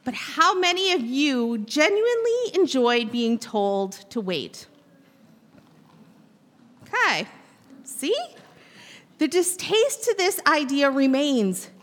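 A woman's voice: sits high, very animated, slow pace, long pauses, fairly bright tone, in a large hall. A woman pastor preaching a sermon to her congregation. She talks expressively and addresses the listeners directly. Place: church sanctuary.

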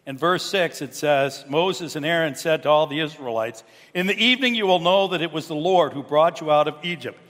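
A man preaching a sermon as pastor, animated and full of rhetorical questions, sometimes dropping to a low murmur. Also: fairly quick, hardly any pauses. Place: church sanctuary. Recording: church hall reverb.

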